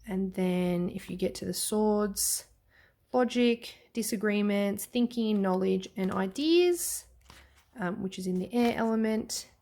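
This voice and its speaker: Australian woman, casual vlog host, mid pitch, chatty and gushing, lots of filler words and little apologies. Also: dark tone. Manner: chatty and enthusiastic, frequent ums and quick self-corrections. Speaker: tarot deck reviewer. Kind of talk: casual tarot flip-through vlog.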